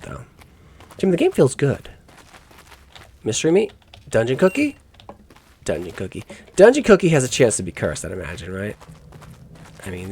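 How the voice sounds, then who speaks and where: A man's voice: lowish voice, creaky, a little mellow, a little hiss or hum. A man giving let's play commentary on a game, musing aloud in rambling asides and correcting himself as he goes. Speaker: gaming YouTuber.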